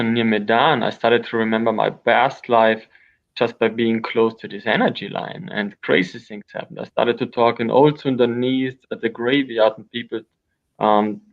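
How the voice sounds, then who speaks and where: Gravelly man telling wild stories. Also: mid-range voice. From Austria. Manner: rambling, animated storyteller with frequent restarts. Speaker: guest. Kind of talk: storytelling in an interview. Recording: dull lo-fi sound.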